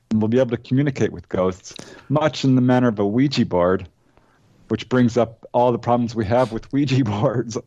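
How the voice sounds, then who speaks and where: A man's voice: mid-range voice, mellow, no echo. A man answering in an interview, thoughtful and musing. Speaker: guest author. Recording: dull lo-fi line.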